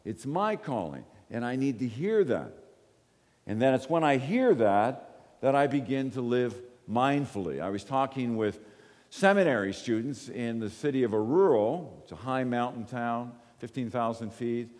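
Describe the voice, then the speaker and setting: A man's voice: medium pitch, normal speed. A man preaching a conversational sermon, telling stories animatedly and often checking in with the listeners. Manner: animated storyteller, often asks the room "right?". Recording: long reverb from a large hall.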